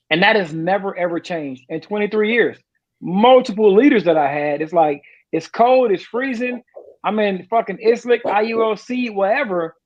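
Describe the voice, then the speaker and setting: A man, a retired sergeant major telling profane, animated stories in casual chat. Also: high voice, dull audio. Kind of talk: casual storytelling.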